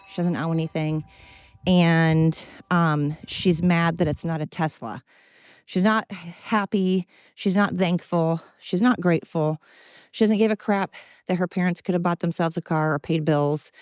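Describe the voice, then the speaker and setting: A woman's voice: lowish voice, a little mellow. A woman hosting a podcast on her own, talking in a blunt, opinionated, rambling way. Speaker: podcast host. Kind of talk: casual solo monologue. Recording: dry, dull lo-fi sound.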